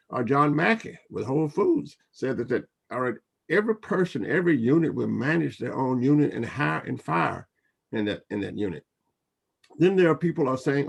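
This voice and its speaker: A man's voice: mid-range voice, sing-song, moderate pace, gravelly, husky. An older man, a professor, speaking in a roundtable discussion in a rambling way that often repeats words.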